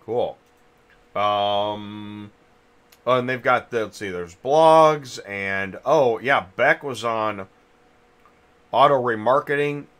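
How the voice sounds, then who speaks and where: Bright-voiced man, rambling host. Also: fairly low pitch, takes it slowly, pauses often, clear, resonant tone. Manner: rambling, thinks aloud with many restarts. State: chewing a cough drop. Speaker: podcast host. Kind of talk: casual industry chat.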